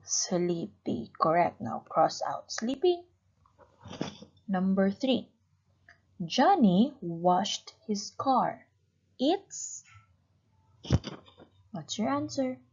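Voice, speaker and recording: A woman's voice: mid-range voice, very animated, very slow, pauses often, a little mellow, slightly rough. A woman teaching an online lesson to young children, patiently asking questions and praising answers. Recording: slightly dull, lo-fi recording.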